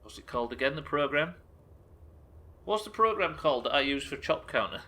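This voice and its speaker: A man streaming a game live, talking excitably, swearing often and thanking viewers as he plays. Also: on the high side, brisk. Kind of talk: live gameplay commentary.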